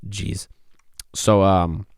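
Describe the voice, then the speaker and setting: Stuffy guy hosting his podcast alone, real low voice, gets worked up and swears a lot. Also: very slow, no echo, clean studio sound. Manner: excitable, exclamatory, swears casually. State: stuffy, congested. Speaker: podcast host. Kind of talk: casual solo podcast chat.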